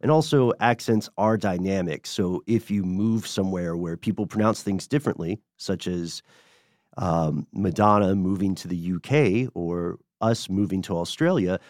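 A man from Tennessee with a lowish voice co-hosts a podcast in relaxed, thoughtful chat. He often breaks into laughter. The recording is dry and close to the mic. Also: moderate pace, dry recording. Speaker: podcast co-host.

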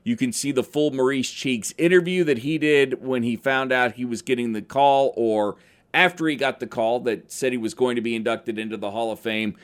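A man's voice: mid-range voice, moderate pace, smooth. Male sports podcast host, loose and rambling, whose tone can come off stern. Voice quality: can sound serious, almost angry. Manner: chatty, rambling, self-deprecating. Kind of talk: casual sports podcast talk. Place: radio station studio.

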